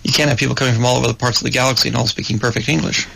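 Man filmmaker, casual chat, gravelly, bright tone, thoughtful restarts. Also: medium pitch, steady tone, rapid-fire, rough recording. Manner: reflective, repeats words while thinking. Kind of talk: casual conversation.

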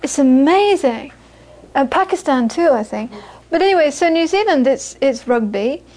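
High-voiced woman giving a dharma talk. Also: lively intonation, normal speed, a little mellow. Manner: anecdotal, repeats words while searching for phrasing. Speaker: Buddhist teacher. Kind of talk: dharma talk to a small audience.

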